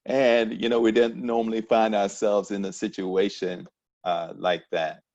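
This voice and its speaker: A man from Panama with a Panamanian accent, speaking at a town hall discussion in a reflective, halting way with many restarts. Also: on the low side, flat delivery, a little mellow, muffled recording.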